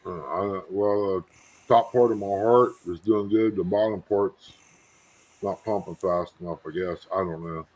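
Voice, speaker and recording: A man's voice: sits low, steady tone, measured pace, a little mellow, rough recording. An older man in casual chat, laid-back and plainspoken with a wry edge.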